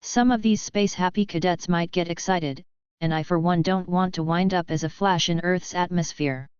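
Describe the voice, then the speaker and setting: A woman's voice: on the low side, steady tone, darkish tone, clear, resonant tone, no room sound, lo-fi sound, close to an everyday voice. A woman voicing a sardonic, wisecracking young male radar cadet. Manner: sarcastic and quick-tongued.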